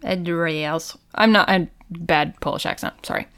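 A woman casually recapping a TV episode on a podcast, an animated storyteller who giggles often. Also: fairly low pitch, moderate pace.

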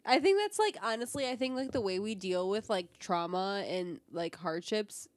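A woman's voice: mid-range voice, expressive, normal speed, no room sound. A woman co-hosting a casual podcast, talking in a rambling way with many fillers. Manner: filler-heavy, rambling, laughs easily. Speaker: podcast co-host. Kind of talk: casual chat.

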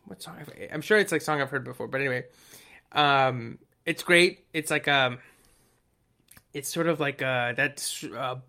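A man's voice: medium pitch, normal speed, sharp tone. A man co-hosting a casual music chat, rambling with fillers and restarts, swearing and acting out quotes. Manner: rambling, profane, acts out quotes.

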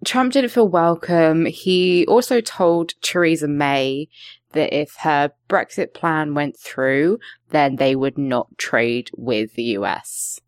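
Woman, low voice, dry close mic, sarcastic casual podcast chat. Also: slow, no echo. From not from London. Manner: animated, sarcastic, swears casually.

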